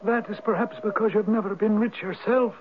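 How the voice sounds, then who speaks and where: An actor playing a mysterious old male spirit, a Viking turned Irish, in a 1970s radio drama. He speaks with an Irish accent in a husky, solemn and knowing way. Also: high voice, steady tone, brisk, a little hiss or hum, close to an everyday voice. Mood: wise, teasing. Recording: narrow, tinny old radio broadcast.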